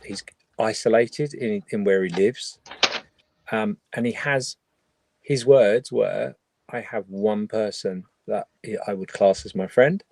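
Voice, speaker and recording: A man's voice: on the low side, slow pace, creaky, a little mellow. A man hosting a charity livestream, talking earnestly in a rambling way with many restarts. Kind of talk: casual livestream chat.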